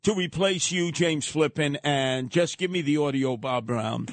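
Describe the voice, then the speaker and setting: A man's voice: fairly high pitch, a little slow. A man with a congested head cold, bantering on radio in a mock-pompous, teasing manner. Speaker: radio show host. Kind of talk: comic banter on morning radio.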